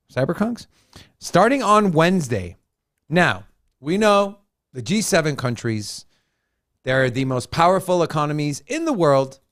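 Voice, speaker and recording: A man's voice: fairly high pitch, no echo, studio quality. A man co-hosting a casual crypto chat, joking and teasing as he lays out his opinions. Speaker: co-host.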